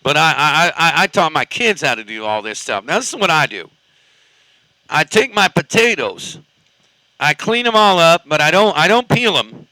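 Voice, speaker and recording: A man's voice: on the high side, lively intonation, moderate pace, sharp tone, dry recording, poor audio. A man from California chatting casually on a CB radio, rambling and cussing in a laid-back way. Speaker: CB radio operator.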